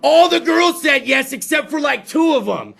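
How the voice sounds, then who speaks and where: A man's voice: very high voice, expressive, normal speed, vocal fry, pushed and bright. A man hosting a talk show, telling crude jokes in a rowdy monologue and acting out other voices. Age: adult. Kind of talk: profane comedic monologue.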